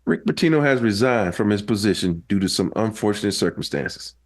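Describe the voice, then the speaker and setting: A man hosting a casual sports podcast, relaxed and wry. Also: on the low side, brisk. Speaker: podcast host.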